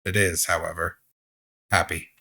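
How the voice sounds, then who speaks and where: Male gaming host, low voice, slow measured read-aloud of game story text. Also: level tone, vocal fry, sharp tone.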